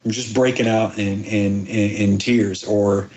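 A middle-aged actor, born abroad and brought to the United States as a child, tells emotional stories as an interview guest. He is earnest but halting, restarting often and quoting dialogue, in a lowish, darkish voice with flat delivery, captured on a low-quality recording.

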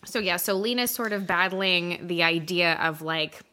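A chatty woman from Canada, co-hosting a casual podcast. Her voice is bright and a touch low, and she swears freely and acts out lines as she goes. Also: moderate pace. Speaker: podcast co-host. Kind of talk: casual chat.

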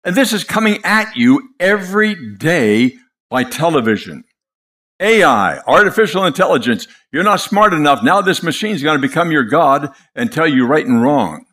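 An older man preaching a sermon, impassioned and dramatic, telling stories with pauses for effect. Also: on the high side, sing-song, fairly bright tone.

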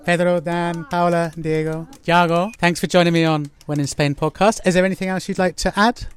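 A man's voice: high voice, level tone, fairly quick. A man hosting a casual podcast, chatty and jokey, playfully mimicking other people. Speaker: podcast host. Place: restaurant table with guests.

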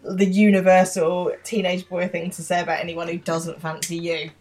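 A podcast co-host retelling a TV episode scene by scene in a steady, casual way. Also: medium pitch, moderate pace.

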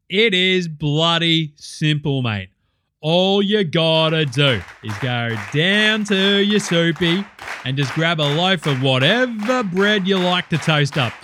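A man's voice: on the high side, sharp tone, a little hiss or hum. A man with an Australian accent playing a boisterous, crude male cooking-show host in a comedy parody. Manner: hearty, crude, laid-back slangy banter. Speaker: comedy sketch performer.

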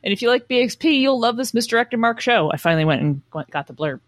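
A woman's voice: on the high side, expressive, quick pace, no echo. A young adult woman co-hosting a podcast, dry and wry, chatting and reading sponsor spots. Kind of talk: casual podcast chat and ad reads.

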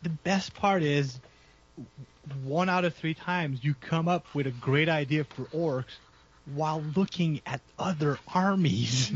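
A man talks through his hobby with easy enthusiasm, rambling and cheerfully self-deprecating. His voice sits a touch high. The recording is dull and lo-fi. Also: a little slow. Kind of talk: casual hobby chat.

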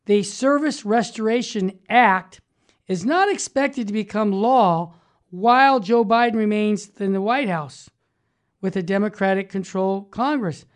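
This is a Christian talk show host with an upbeat, emphatic delivery. The voice sits at a middling pitch, and the host keeps affirming the co-host while moving through news items. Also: a little slow. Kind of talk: casual conservative Christian talk show chat.

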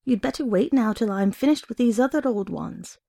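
A woman's voice: a little high, expressive, brisk, gravelly, mellow, no room sound, studio quality. A woman reading aloud, voicing a young male priest who scolds and hisses in anger. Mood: gloomy. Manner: scolding, hissing. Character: angry young male priest, gruff then gloomy.

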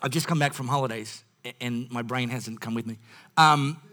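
An Australian man preaches a sermon as pastor, wandering through funny stories and constantly breaking off for asides or starting over. His voice is medium-pitched and sharp in tone, with fairly even intonation at a normal pace.

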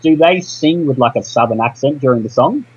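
A man's voice: mid-range voice, expressive, fairly quick, a little mellow, breathy edge. A man co-hosting a casual podcast, speaking in a hesitant, questioning way. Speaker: podcast co-host. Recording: dull lo-fi mic.

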